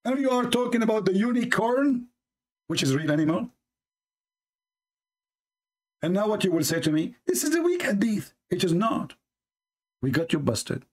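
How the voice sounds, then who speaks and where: A man hosting a religious debate show, speaking in a sarcastic, mocking way and reading texts aloud slowly. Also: animated. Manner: sarcastic, reads texts aloud slowly, mimics opponents in a high voice.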